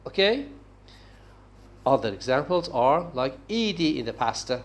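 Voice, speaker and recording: Slow, animated lecturer. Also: male voice, fairly high pitch. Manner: slow, halting delivery with frequent "okay?" checks and restarts. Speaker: linguistics lecturer. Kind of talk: university lecture.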